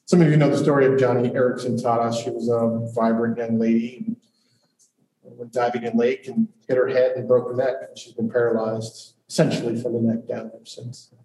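A male pastor preaching earnestly and reflectively with long pauses, then opening questions to the congregation. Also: medium pitch, little pitch movement, dark tone, a little hiss or hum. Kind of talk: sermon and congregation Q&A. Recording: roomy hall audio from a distant mic.

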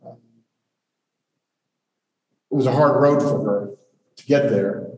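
A male pastor preaching earnestly and reflectively with long pauses, then opening questions to the congregation. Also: medium pitch, warm tone. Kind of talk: sermon and congregation Q&A. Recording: roomy hall audio from a distant mic.

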